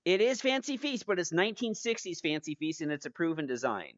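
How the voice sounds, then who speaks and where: A man hosting a podcast, telling stories in a rambling, animated way with many restarts. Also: a little high, brisk, no echo. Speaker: podcast host. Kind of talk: casual chat. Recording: dry, dull lo-fi podcast audio.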